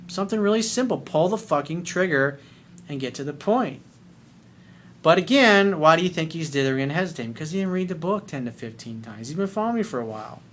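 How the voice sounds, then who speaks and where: A man's voice: on the high side, lively intonation, quick pace, fairly bright tone, a little hiss or hum. Blunt, profane male dating coach. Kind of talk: video coaching monologue.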